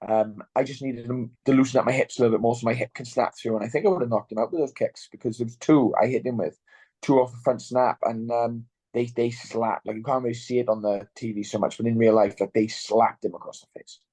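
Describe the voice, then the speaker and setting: A man's voice: medium pitch, steady tone, quick pace, mellow, slightly rough, no room sound. A young man, a fighter in an interview, talking bluntly and swearing freely. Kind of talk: casual interview chat.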